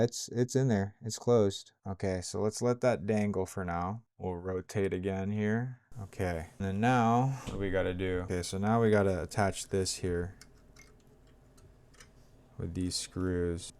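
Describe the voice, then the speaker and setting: A man with a lowish voice talks loosely to his viewers as he works on a repair. He mutters half to himself and grows frustrated, swearing under his breath. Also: mellow, clear, resonant tone. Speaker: tech vlogger. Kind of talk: casual hands-on narration.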